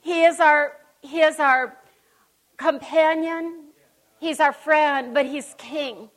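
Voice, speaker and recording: Woman preacher, high bright voice, folksy and emphatic, church sermon. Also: steady tone, slow. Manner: emphatic, folksy, chatty asides. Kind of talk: conversational sermon. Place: church service.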